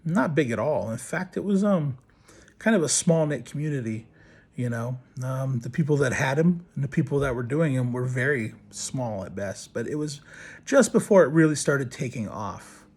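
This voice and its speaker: Husky man telling a crude story. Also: mid-range voice, moderate pace. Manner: crude, animated storyteller who swears and acts out quotes. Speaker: podcast host, body piercer. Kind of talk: casual storytelling.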